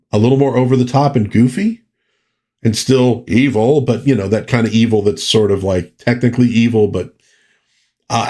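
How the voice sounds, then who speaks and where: Husky, lively-voiced man chatting casually. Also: medium pitch. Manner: rambling, animated, folksy asides. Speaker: podcast host. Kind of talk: casual pop culture commentary.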